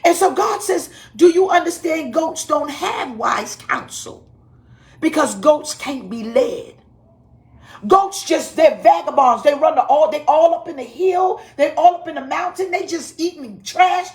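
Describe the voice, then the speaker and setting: A woman pastor preaching a livestreamed sermon in an animated, folksy way, often laughing and repeating herself. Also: sits high, a little slow.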